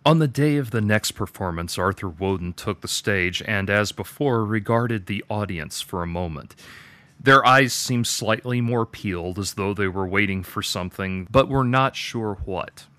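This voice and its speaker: A man reading his own dark story aloud with a measured, detached delivery. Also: lowish voice, no echo. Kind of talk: dramatic story narration.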